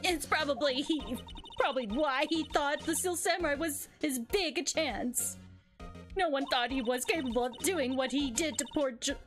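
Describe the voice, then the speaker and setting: A woman's voice: moderate pace, faint music behind, lightly acted. A woman voicing a bossy, nosy old woman security guard in a mock British accent during a game let's play. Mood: scornful. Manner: scolding, shrill, grumbling.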